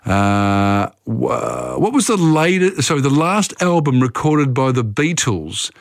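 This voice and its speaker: A man's voice: medium pitch, very animated, slow pace, dry recording, studio quality. A man hosting a radio quiz, chatty and easygoing, reading out questions and talking around them. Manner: chatty, reads questions then talks them through. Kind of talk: casual radio quiz chat.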